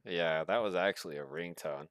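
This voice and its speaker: A man's voice: sits low, normal speed, fairly bright tone, clean tone, no room sound. A man hosting a video, giving laid-back, wry commentary on old clips and swearing casually. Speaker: host.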